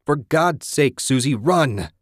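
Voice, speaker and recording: A man's voice: fairly low pitch, lively intonation, moderate pace, no echo, clean studio sound. A man voicing a desperate husband who hollers and pants as he fights. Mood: shouting. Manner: hollering, panting.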